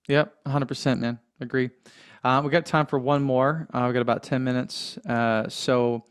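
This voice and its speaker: A man hosting a podcast interview, affirming and relaxed as he sets up a question. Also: mid-range voice, clean tone. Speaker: podcast host. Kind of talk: casual interview.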